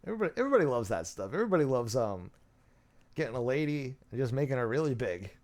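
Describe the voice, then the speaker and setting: A man's voice: mid-range voice, very animated, racing, a little mellow. A man hosting, reading messages aloud with dry, sarcastic, mock-serious commentary. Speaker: host.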